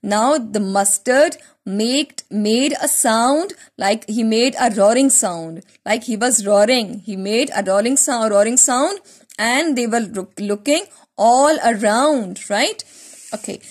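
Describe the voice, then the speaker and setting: A woman teacher giving a recorded lesson, explaining a poem slowly, repeating words and asking simple questions. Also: fairly high pitch.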